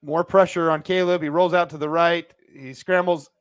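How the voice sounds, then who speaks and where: A man's voice: fairly high pitch, steady tone, moderate pace, few pauses, smooth. A man hosting a live watch party, reacting to the game play by play and ranting angrily at the referees. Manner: agitated, ranting play-by-play, yelling when angry. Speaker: sports watch party host.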